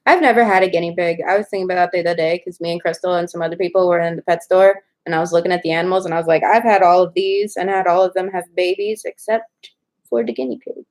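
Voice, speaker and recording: A woman's voice: lowish voice, quick pace. A young woman in her twenties chatting casually with livestream viewers, rambling through stories full of "like". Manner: rambling, chatty storytelling with many "like"s. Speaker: writer hosting a livestream.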